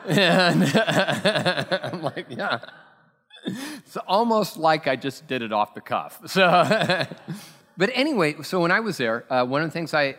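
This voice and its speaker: A man's voice: on the high side, a bit bright. A man preaching a sermon as pastor, telling stories in a chatty, self-deprecating way with plenty of fillers. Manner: conversational, self-deprecating storytelling with many fillers. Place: church sanctuary. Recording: long reverb from a church hall.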